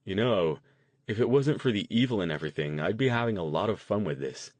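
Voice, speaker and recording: A man voicing a jokey, excited young man who puts on a deeper voice. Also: a little fast, no echo. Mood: playful. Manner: deepened, playful voice.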